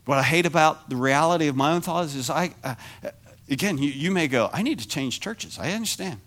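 Male pastor, middle-aged, sermon, high-pitched, bright tone, self-deprecating, swings from hushed to loud. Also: a little fast. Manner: animated and self-deprecating, swinging from quiet confession to near shouting.

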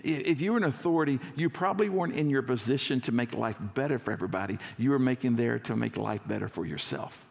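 A pastor preaches in a relaxed, conversational way, drawing the words out when he wants them to land. His voice is medium-pitched with a gravelly edge. It rings out with a long reverb across a church hall. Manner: conversational preaching, acts out scenes, slows for emphasis. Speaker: lead pastor. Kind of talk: sermon.

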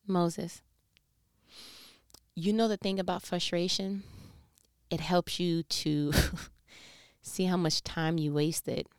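Smooth-voiced New woman teaching scripture. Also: on the low side, fairly even intonation, takes it slowly, pauses often, darkish tone, no room sound, clean studio sound. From New York. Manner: conversational and playfully scolding, addressing listeners directly. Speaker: Bible teacher. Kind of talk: casual scripture commentary.

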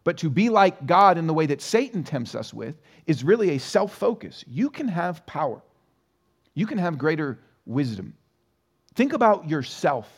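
A male pastor delivering a conversational sermon in a church, his somewhat high voice rising and falling with lively energy. He keeps it personal and relaxed, asking rhetorical questions to the congregation. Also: moderate pace, breathy edge. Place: church sanctuary.

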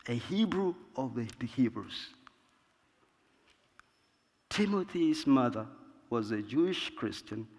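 A man preaching in a slow, deliberate cadence, stopping often to cite scripture verses. His voice sits a little high for a man. A long reverb from a large church hall trails behind every phrase. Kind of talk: sermon.

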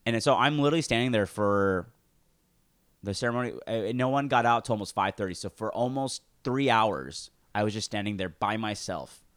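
Casual podcast storyteller, man, lower voice, dry close sound, acts out quotes with plenty of swearing. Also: normal speed, a bit bright, no echo. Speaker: podcast co-host.

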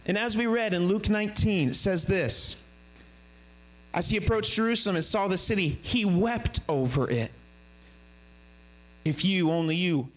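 Man, guest preacher, high voice, animated sermon, faint mains hum. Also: normal speed, rough recording. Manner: animated, shifting pitch and pace widely.

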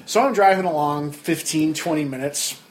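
A man's voice: a little high, moderate pace, heavy background noise. A young man co-hosting a podcast, telling a story in a casual chat and acting out his friends' lines along the way. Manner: animated storyteller who acts out friends' voices. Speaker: podcast co-host.

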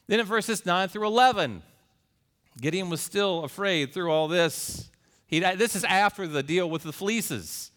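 A man's voice: high voice, lively intonation, a little slow, a bit bright. A male pastor preaching a sermon, telling stories in an earnest way that builds to emphatic peaks.

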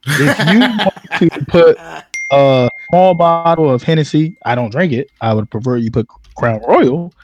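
A man's voice: on the high side, animated, normal speed. Playful mock-serious male podcast host. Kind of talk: casual podcast chat.

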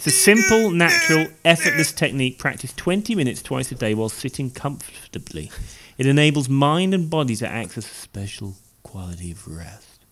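A man co-hosting a casual podcast, animated and reading facts aloud with hesitant restarts. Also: medium pitch, fairly quick, few pauses, a little hiss or hum. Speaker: podcast co-host.

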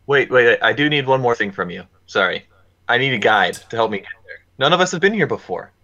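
A man playing in a tabletop game, talking casually and haltingly, clearing his throat between fillers. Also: medium pitch, expressive, pushed and bright. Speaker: player. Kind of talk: casual role-play chat. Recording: dull, lo-fi mic.

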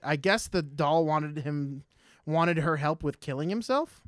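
A man's voice: on the high side, unhurried, no room sound, studio quality. A man co-hosting a podcast, rambling through a movie plot with lots of swearing. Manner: rambling, profane, recaps the plot. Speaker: podcast co-host. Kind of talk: casual movie-riffing chat.

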